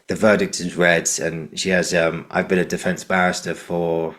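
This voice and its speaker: Very deep-voiced man with a southern English accent. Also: level tone, normal speed, fairly bright tone. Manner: enthusiastic, rambling, filler-heavy. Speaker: podcast host. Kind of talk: podcast interview.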